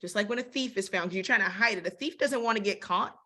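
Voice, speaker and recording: Woman teaching Bible study, casual and slangy, acts out the verses, bright and forceful. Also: mid-range voice, fast. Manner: lively and slangy, acting out the verses she quotes.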